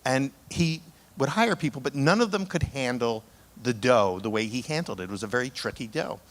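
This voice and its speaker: Man telling a lively story as an author. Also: medium pitch, a little fast. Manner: lively anecdotal storytelling with small restarts. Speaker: author giving a talk. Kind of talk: storytelling talk.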